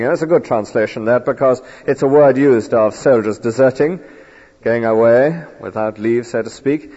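A man's voice: mid-range voice, normal speed, mellow, breathy edge. A man preaching an earnest, emphatic expository sermon in a church. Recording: dull lo-fi recording with long hall reverb.

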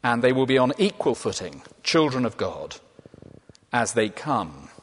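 A man's voice: medium pitch, big pitch swings, unhurried. A man preaching a sermon in a conversational way, asking and answering his own questions. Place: church. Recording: long reverb of a large hall.

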